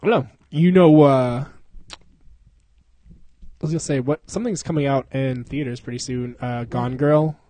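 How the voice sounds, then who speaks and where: A man's voice: mid-range voice, moderate pace, long pauses, dark tone, no room sound. A young man co-hosting a podcast in casual chat, rambling and profane, laughing often and slipping into silly voices. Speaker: podcast co-host.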